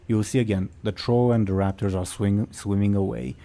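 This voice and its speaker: A man's voice: fairly low pitch, fairly even intonation, brisk, gravelly, mellow. A man narrating as game master of a tabletop role-play, in a loose, stop-start way.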